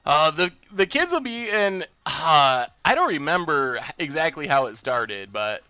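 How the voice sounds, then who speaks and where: A man hosting a live game stream, thinking out loud about his plays and bursting into loud cheers when things go his way. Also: fairly high pitch, big pitch swings, a little slow, clear, resonant tone, dry recording. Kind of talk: live gameplay commentary.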